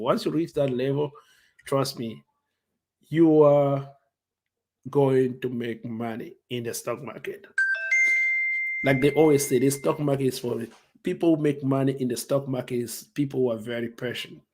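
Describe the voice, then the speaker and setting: Guy talking stocks on a home live stream, laid back, keeps repeating his points, says like a lot. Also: mid-range voice. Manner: relaxed, repeats key points, frequent "like" fillers. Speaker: stock investing vlogger. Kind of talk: casual live-stream talk to viewers.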